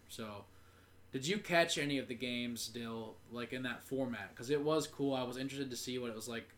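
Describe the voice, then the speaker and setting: A man's voice: mid-range voice, fairly bright tone. A man co-hosting a sports podcast, telling a story in a chatty way with lots of filler words. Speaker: podcast co-host. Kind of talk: casual sports chat.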